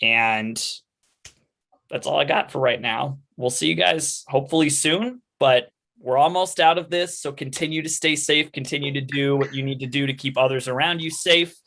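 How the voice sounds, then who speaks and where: A man's voice: medium pitch, moderate pace, gravelly. A man hosting an online livestream, thanking the cast in a rambling, casual way over a video call. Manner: rambling, with fillers and restarts, warm thanks. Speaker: host and organizer of online live readings. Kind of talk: casual wrap-up chat on a livestream.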